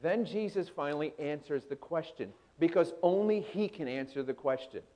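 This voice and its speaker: A man's voice: on the high side, animated, normal speed, mellow. A man preaching a sermon with dramatic delivery, acting out scripture in rising and falling intensity.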